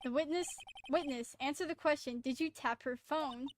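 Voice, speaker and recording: A woman's voice: high-pitched, normal speed, slight background noise, natural voice. A woman reading an earnest young defense lawyer. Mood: insistent. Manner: insistent, questioning. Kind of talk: reading game dialogue aloud.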